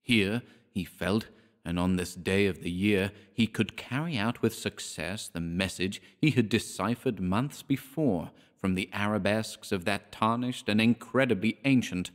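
Horror narrator, male, low register, dramatic, long reverb tail. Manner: measured, dramatic reading. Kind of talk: scripted horror audiobook narration.

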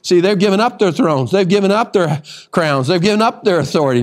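A man's voice: sits high, lively intonation, a little fast. A man teaching a Bible study sermon, emphatic, reading scripture aloud and often restarting phrases.

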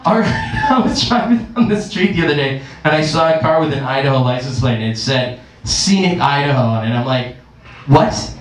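A man's voice: medium pitch, lively intonation, a little fast. A man doing a rambling, crude stand-up comedy set on a club stage. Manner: rambling, crude, acts out voices in quotes. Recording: echoey club recorded from a distance.

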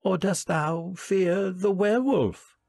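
A man's voice: high voice, slow pace, gravelly, a little mellow, no room sound, studio quality, pitched above the performer's own voice, full character voice. A man voicing a young noblewoman in old-fashioned speech. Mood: uneasy. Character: young noblewoman, teasing, bold lady.

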